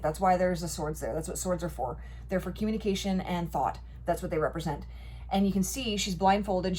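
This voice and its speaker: A woman's voice: medium pitch, slight background noise. Chatty woman giving a tarot reading. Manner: animated, emphatic, chatty with occasional swearing. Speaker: tarot reader. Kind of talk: casual tarot reading to camera.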